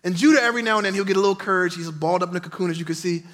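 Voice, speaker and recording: A man, a pastor, preaching a sermon in an animated storytelling way, swinging from loud, passionate lines to hushed asides. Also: sits high, rapid-fire, few pauses.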